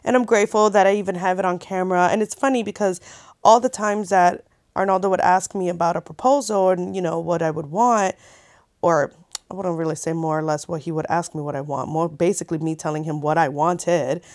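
Woman, 30s, casual storytelling vlogger, chatty and animated, dry close mic. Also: fairly low pitch, fairly quick, dry recording. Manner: chatty, animated, many likes and swears.

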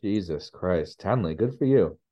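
A man's voice: low voice, animated, unhurried, breathy edge, dull audio. A man in his thirties co-hosting a podcast, chatting casually and joking along. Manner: jokey, reacts with laughs. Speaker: podcast co-host. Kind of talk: casual chat.

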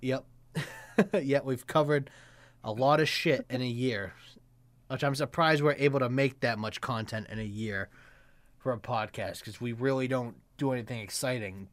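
A man's voice: medium pitch, fairly bright tone, no echo. A man hosting a podcast in loose, joking casual chat, laughing often. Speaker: podcast host.

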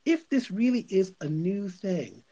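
A man's voice: high voice, very animated, a little slow, dark tone, lo-fi sound. A male radio host giving opinionated commentary, emphatic and insistent, repeating his points.

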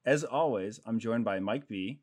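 A man's voice: lowish voice, normal speed, a little mellow. A man hosting a war movie review podcast, with a Boston accent, bantering and swearing casually. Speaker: podcast host. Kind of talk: casual chat.

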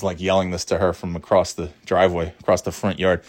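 A man in his thirties hosts a loose, casual podcast chat. His voice sits on the low side. He restarts sentences often, swears freely and laughs at his own story. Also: little pitch movement, fast talker, few pauses, a little mellow. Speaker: podcast host.

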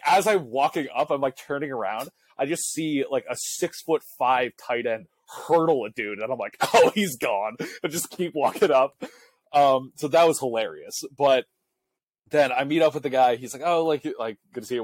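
Young male co-host, casual storyteller, middle pitch, dry close sound, loose rambling delivery. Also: no room sound. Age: young adult. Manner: rambling, heavy use of filler "like". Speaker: podcast co-host; college student section leader.

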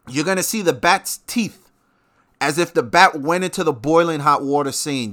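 Profane ranting man, bright voice. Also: a little high, moderate pace. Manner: profane, animated ranting with sudden loud outbursts. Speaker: show host. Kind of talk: ranting monologue.

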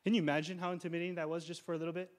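A young male pastor preaching with a slightly high voice. He keeps it loose and slangy, then hits his main points with force and weight. It sounds like a relaxed preacher talking straight to his congregation. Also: racing. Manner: casual slangy preaching, rising to emphatic declarations. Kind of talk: sermon.

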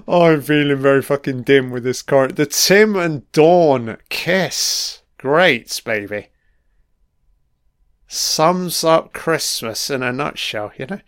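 A man's voice: on the high side, a bit bright, smooth. A man giving a casual, sweary audio commentary and calling his listeners "man" as an emotional, enthusiastic fan. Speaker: podcast commentator.

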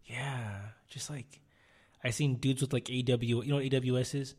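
A man's voice: mid-range voice, level tone, normal speed, a little mellow. A man co-hosting a podcast, telling rambling everyday stories with lots of fillers and quoted remarks. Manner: rambling anecdotes, filler-heavy, quotes people. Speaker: podcast co-host. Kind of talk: casual storytelling.

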